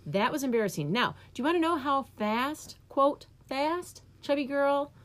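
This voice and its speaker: A woman's voice: high voice, animated, normal speed, fairly bright tone. A middle-aged woman chatting casually as a podcast co-host, telling self-deprecating stories. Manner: self-deprecating, storytelling, talks while eating. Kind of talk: casual chat.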